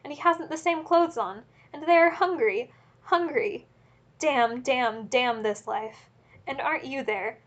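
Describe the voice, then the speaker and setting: A woman's voice: mid-range voice, normal speed, vocal fry, slightly rough. A woman reading aloud, voicing a feverish, furious mother who screams accusations at her drunk husband. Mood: despairing rage.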